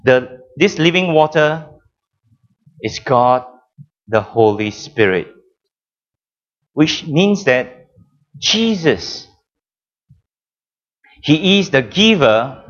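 Slow, deliberate male preacher. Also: fairly high pitch, animated, a bit bright, dull audio. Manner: slow, emphatic preaching with dramatic pauses and repetitions. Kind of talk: sermon.

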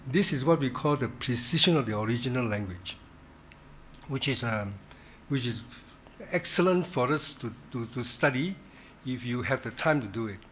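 Halting man teaching Bible study. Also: medium pitch, lively intonation, a bit bright, slight background noise. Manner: halting, repeats words, stresses key words. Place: church.

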